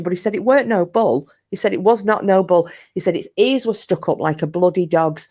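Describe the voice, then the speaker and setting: A woman's voice: lowish voice, fairly quick, hardly any pauses, warm tone. A woman, casually telling a ghost story in a chatty, rambling way, with swearing and restarts. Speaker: channel host.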